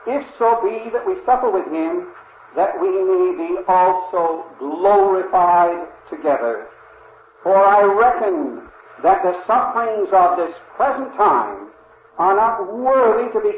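An older man preaching a sermon in an earnest, reverent manner, speaking slowly and often pausing with "uh" to address his listeners as dear friends. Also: high voice. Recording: dull roomy old recording with faint hiss.

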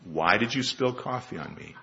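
A man doing a gentle old sage in a spoken parable, with a gravelly, bright edge to his soft, unhurried voice. The sound is a little dull and lo-fi. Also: medium pitch, big pitch swings. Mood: puzzling. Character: calm wise old man, gentle and patient.

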